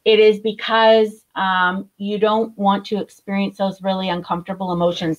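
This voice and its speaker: A middle-aged woman, a guest author in recovery, telling her story candidly, blunt and animated, swearing freely. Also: mid-range voice, low-quality recording.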